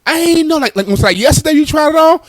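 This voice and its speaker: A man doing a coaxing high-voiced mom. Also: expressive, quick pace, dry recording, studio quality. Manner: coaxing, drawn out. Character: coaxing mother, soothing her son.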